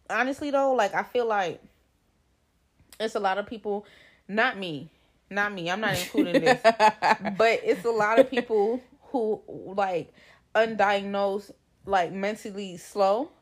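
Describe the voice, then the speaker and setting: A woman's voice: medium pitch, measured pace. Brief: woman podcast co-host, blunt, opinionated casual chat. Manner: blunt, animated, swearing.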